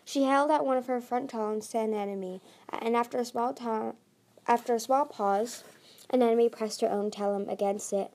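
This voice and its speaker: A woman reading a fantasy novel aloud, slowly and haltingly, with frequent restarts. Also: on the high side, fairly even intonation, darkish tone. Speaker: audiobook reader. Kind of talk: amateur audiobook narration.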